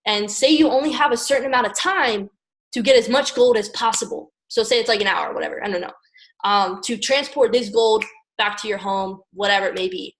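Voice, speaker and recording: An energetic young woman from Maryland coaches her team in a casual motivational talk. Her voice sits a little high, and she keeps checking in with her listeners and acts out phone calls. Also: brisk, low-quality recording. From Maryland, USA. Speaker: network marketing team leader.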